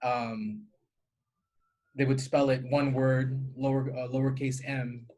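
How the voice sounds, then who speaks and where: A man's voice: medium pitch, little pitch movement, takes it slowly, mellow. A man from the Philippines, a guest teacher talking earnestly and easily in a casual podcast chat, with many fillers.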